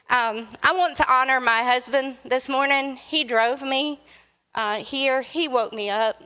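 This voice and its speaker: A woman's voice: high voice, unhurried, pushed and bright. A woman guest preacher giving a sermon in a church, playful and joking with the congregation. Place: church sanctuary. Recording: long hall reverb.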